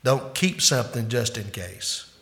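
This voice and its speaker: Male pastor, sermon, bright and forceful voice, builds to loud peaks then drops low. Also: expressive, unhurried. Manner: emphatic preaching that swings between loud climaxes and hushed asides.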